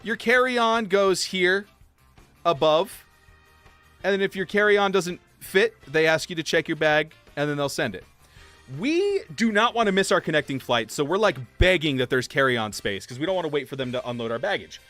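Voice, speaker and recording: A young man livestreaming, casually telling a story while gaming, acting out quotes in high voices. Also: animated, normal speed, fairly bright tone. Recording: faint game music behind.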